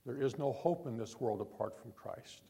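An older man, a pastor, preaching a sermon in church in an earnest, repetitive way, talking from the heart rather than yelling. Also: medium pitch, normal speed, slightly rough.

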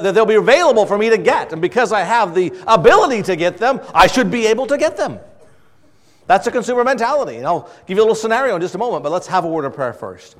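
High-voiced man preaching. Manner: conversational preaching with rhetorical questions and acted-out dialogue. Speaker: pastor. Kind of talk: sermon.

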